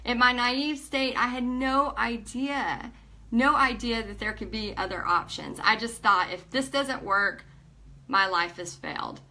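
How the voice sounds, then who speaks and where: A woman nearing forty tells a personal story to her viewers, emotional and animated, acting out what people said. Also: fairly high pitch, a little slow. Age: almost 40. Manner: emotional, animated retelling with acted-out quotes. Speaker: paint party instructor.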